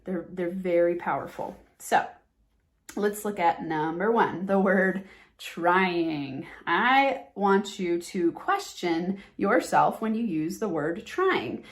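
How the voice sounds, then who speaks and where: A woman hosting a motivational business podcast, talking earnestly and with emphasis, and acting out the phrases she wants listeners to drop. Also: medium pitch. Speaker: podcast host and business coach.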